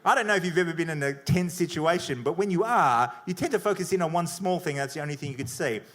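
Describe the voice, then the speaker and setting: A man telling a profane, animated stand-up story at a comedy debate. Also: fairly high pitch, quick pace. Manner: animated, profane, punchy delivery. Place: comedy venue with audience.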